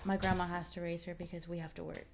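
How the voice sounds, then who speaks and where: A woman's voice: on the low side, level tone, fast, creaky, slight background noise. A young adult woman, a guest on a casual interview, talking candidly and confessionally about her own life. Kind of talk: casual conversation.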